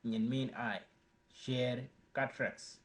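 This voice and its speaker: Slow-speaking man teaching words. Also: mid-range voice, little pitch movement. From South Sudan. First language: Dinka. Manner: repeats words slowly, chatty asides to viewers. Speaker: language teacher. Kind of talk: casual vocabulary lesson.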